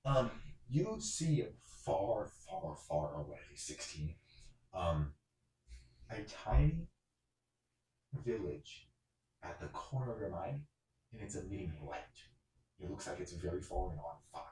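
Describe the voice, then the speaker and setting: A deep-voiced man running a tabletop game, narrating scenes with lots of fillers and restarts. The room has a roomy echo. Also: very animated, slow, pauses often, darkish tone. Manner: rambling, filler-heavy. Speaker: game master.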